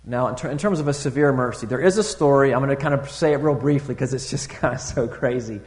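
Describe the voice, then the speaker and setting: A man preaching a sermon in a relaxed, conversational way, full of fillers and restarts, rising loud and high to stress a point and dropping quiet for asides. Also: quick pace, in a large hall. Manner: rises loud and high for emphasis, drops soft for asides. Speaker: pastor.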